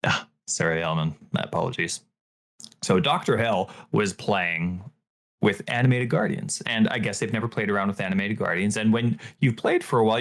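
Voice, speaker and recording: A man co-hosting a gaming podcast in casual chat, excitable and quick to jump into high exclamations. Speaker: podcast co-host.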